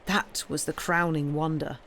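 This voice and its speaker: Expressive woman reading a story aloud. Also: deep voice, a little slow. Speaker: story reader.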